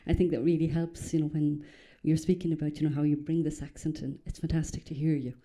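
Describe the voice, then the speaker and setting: A woman from the Republic of Ireland, an audience member making an appreciative, somewhat halting comment from the floor. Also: low-pitched, flat delivery, mellow.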